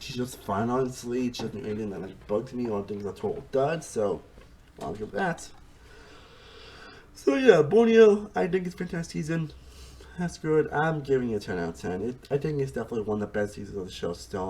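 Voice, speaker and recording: A man's voice: mid-range voice, a little mellow. A man giving a casual, rambling spoken review, repeating himself and saying "honestly" often.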